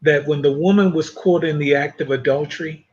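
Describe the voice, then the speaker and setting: Thoughtful man with a higher voice, muffled audio. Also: fairly even intonation, darkish tone. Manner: thoughtful, measured, speaks of faith and grace. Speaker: panelist. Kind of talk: reflective faith discussion.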